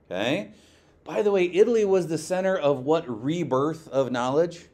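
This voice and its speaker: Man teaching a lively history class. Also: a little high, moderate pace. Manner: lively, asks the class questions, says okay often. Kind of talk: classroom lecture.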